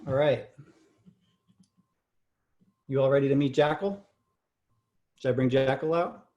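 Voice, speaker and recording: A man's voice: medium pitch, fairly even intonation, a little slow, highs cut off. A man leading a communication workshop, explaining patiently and checking in with "right?" tag questions. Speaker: communication trainer. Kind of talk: workshop lecture.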